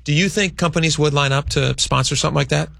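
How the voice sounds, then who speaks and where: A man's voice: fairly high pitch, fast, gravelly, a bit bright, no room sound, studio quality. A man co-hosting a talk radio show, chatting casually and reading news quotes aloud.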